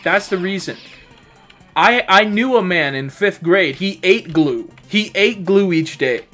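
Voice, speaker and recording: A man's voice: high voice, lively intonation, measured pace, a bit bright, soft background music. A man co-hosting a crude comedy gaming show, rambling through profane tall tales. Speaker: co-host.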